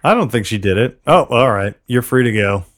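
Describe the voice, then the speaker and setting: A man's voice: medium pitch, animated, brisk. A man co-hosting a podcast, chatting casually and adding wry, swearing comments. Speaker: podcast co-host. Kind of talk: casual chat.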